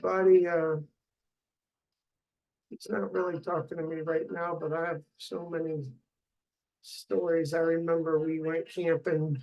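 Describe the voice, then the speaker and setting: A man's voice: on the high side, flat delivery, a little slow, creaky, long pauses, darkish tone, poor audio. A middle-aged man and father rambling through a personal video diary, meandering with many fillers and restarts. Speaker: father recording a video log.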